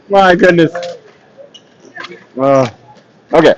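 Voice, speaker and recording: A very animated man with a fairly high voice, speaking at normal speed, calls a ball hockey game live from his rinkside perch. A crowd and other noise fill the background, and he's chatty, self-mocking, and quick to laugh.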